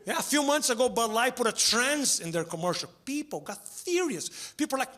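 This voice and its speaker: A man doing stand-up, animated and acting out quick voices on a club stage. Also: very high-pitched. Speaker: stand-up comedian. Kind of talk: stand-up comedy set. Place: comedy club stage with audience.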